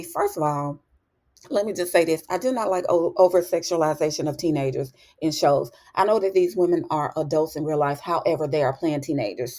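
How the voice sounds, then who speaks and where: Woman host, lowish voice, chatty and sassy, recapping TV with asides and quick character impressions. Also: a little mellow. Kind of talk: casual TV episode recap.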